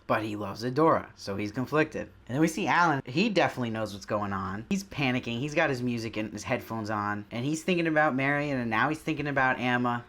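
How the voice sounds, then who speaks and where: A man with a voice of ordinary, middle pitch hosts his own review show and talks through a TV episode in a loose, conversational way. He sounds enthusiastic and often turns to his audience with questions. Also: a bit bright. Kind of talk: casual spoken episode review.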